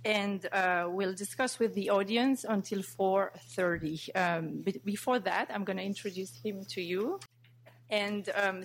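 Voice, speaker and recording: A woman introducing a panel guest as moderator, in a measured way with frequent hesitations. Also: mid-range voice. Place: lecture hall event.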